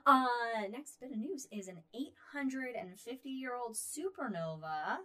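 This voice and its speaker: A woman co-hosting a podcast, chatting casually about astronomy news with lots of ums and uhs and a loudness that rises and falls. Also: a little high, expressive, measured pace. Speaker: podcast co-host.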